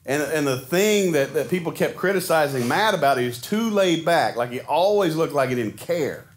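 A man in his forties preaching a sermon in a casual, animated storytelling way, acting out the quotes he tells. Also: a little high, moderate pace. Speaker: pastor.

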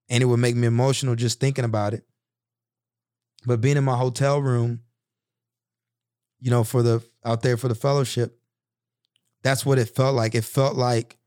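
A man in his thirties speaks as a podcast host, working through personal stories in a reflective, earnest monologue. He often restarts his sentences, and his voice sits at a middle pitch. The recording is dry, with no room sound. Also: a little mellow, dry recording. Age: 30s. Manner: earnest storytelling with frequent restarts.

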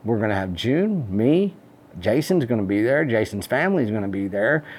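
A man's voice: fairly low pitch, big pitch swings, normal speed, darkish tone. A man hosting a podcast, talking straight to his listeners in an emphatic, rallying way. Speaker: podcast host. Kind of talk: podcast monologue.

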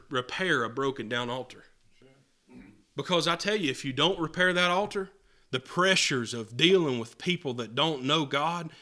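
A man's voice: on the high side, pushed and bright. A man preaching an earnest sermon, reading scripture aloud and often restarting his words.

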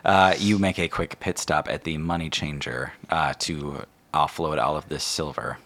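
Gravelly man running a tabletop game. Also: rumbling low, fairly even intonation, moderate pace, fairly bright tone. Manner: rambling, filler-heavy narration. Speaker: game master.

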